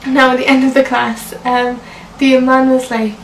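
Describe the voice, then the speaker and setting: A woman's voice: sits high, little pitch movement, moderate pace, faint music behind. A young woman telling a personal story to the camera in an emotional, chatty way, full of "like" and "you know". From Britain. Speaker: vlogger. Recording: echoey room, mic at a distance.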